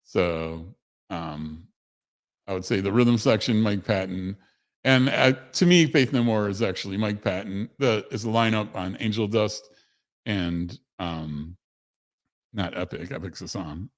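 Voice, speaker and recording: A man's voice: fairly low pitch, unhurried. A man hosting a casual livestream, rambling conversationally with self-corrections and answering chat messages. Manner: reads chat messages aloud to viewers. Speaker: host of a livestream show.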